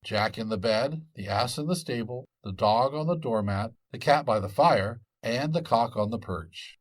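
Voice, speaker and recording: A man narrating a folk tale in an expressive storytelling manner. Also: medium pitch, moderate pace. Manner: expressive and lively.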